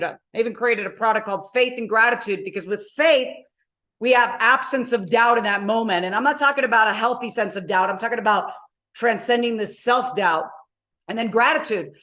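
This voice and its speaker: A middle-aged woman coach giving a live online masterclass, telling stories in an emphatic, animated way. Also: on the high side. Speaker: motivational coach.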